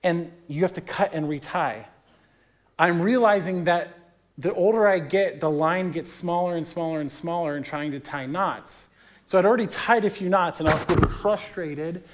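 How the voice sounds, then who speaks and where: Man, 30s, pastor, casual sermon, light high voice, chatty storytelling. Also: normal speed. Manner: conversational, animated storytelling with quoted voices.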